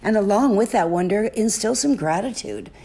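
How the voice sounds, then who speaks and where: A middle-aged woman hosting a parenting advice talk, speaking softly and slowly, often dropping to a whisper. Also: mid-range voice, creaky. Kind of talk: gentle spoken advice monologue.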